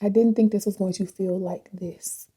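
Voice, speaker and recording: A woman's voice: medium pitch, steady tone, normal speed, warm tone, slightly rough. A woman chatting casually and reflectively as a vlogger while driving, laughing often. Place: in a car.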